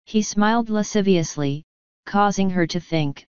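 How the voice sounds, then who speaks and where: A woman reading a fantasy audiobook with steady, expressive storytelling. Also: lowish voice, measured pace, clean tone, dry recording, muffled recording. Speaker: audiobook reader. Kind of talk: audiobook narration.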